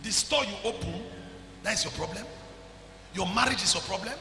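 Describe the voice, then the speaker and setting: A man with a Nigerian accent preaching a sermon as pastor, calling people forward and shouting at the peaks. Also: sits high, lively intonation, fairly quick, creaky, roomy sound, long reverb tail, a little hiss or hum.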